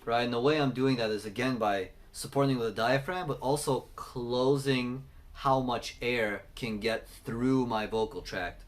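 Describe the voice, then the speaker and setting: A man teaching singing, talking through techniques and breaking into loud sung demonstrations. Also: medium pitch, steady tone, unhurried, hardly any pauses. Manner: explains then belts sung examples. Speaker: vocal coach.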